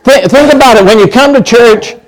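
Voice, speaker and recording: A man's voice: very high voice, brisk. A man in his sixties preaching a sermon as pastor, conversational and humorous, acting out quoted lines.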